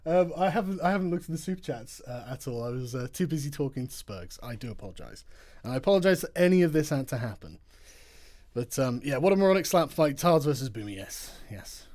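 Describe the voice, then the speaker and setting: Reading through chat messages on a late-night stream, a weary host talks at a quick pace in an animated, darkish mid-range voice. He laughs frequently and swears in a teasing, mocking way as he goes through the super chats.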